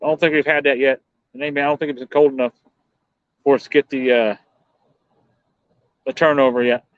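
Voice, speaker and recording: A man hosting a night fishing livestream, chatting in a relaxed, rambling way, musing aloud and answering viewers. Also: medium pitch, a little fast, no room sound. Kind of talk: casual live-stream chat. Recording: dull, dry lo-fi sound.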